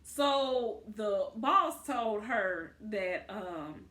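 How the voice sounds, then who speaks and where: Woman co-host, bright and fairly high, casual recap that slips into acting out quoted lines. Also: lively intonation, moderate pace. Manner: retells scenes acting out characters' lines. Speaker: podcast co-host.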